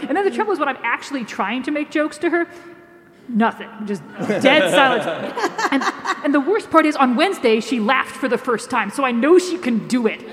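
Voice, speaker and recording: A young adult woman, a comedy writer, chatting on a panel in an animated, self-deprecating way. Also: sits high, moderate pace, crowd noise. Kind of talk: casual panel conversation. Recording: long hall reverb.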